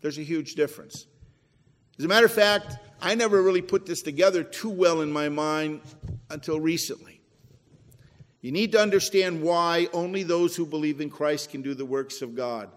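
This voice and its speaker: Male pastor, sermon delivery, high-pitched, emphatic then hushed, church hall echo. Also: moderate pace. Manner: preachy, rising to emphatic then dropping low. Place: church sanctuary.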